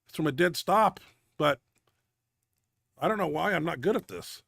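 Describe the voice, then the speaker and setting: Middle-aged male host, out of breath, gravelly and profane, dry close sound. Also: a little high, animated, moderate pace, fairly bright tone, dry recording. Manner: blunt, profane gym talk. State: winded and out of breath. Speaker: host of a powerlifting video show. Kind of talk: casual commentary over lifting videos.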